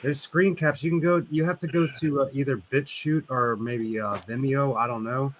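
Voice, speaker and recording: A man on a casual panel, excitable and profane, often saying dude. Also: mid-range voice, normal speed, crowd noise. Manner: excitable, swearing, says dude. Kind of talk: casual chat.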